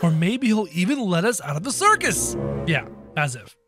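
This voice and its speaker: A man doing excitable, jokey game commentary, yelping and shouting as he plays. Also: high voice, normal speed, loud music behind the voice. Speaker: gaming channel host. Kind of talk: game commentary, playing in character.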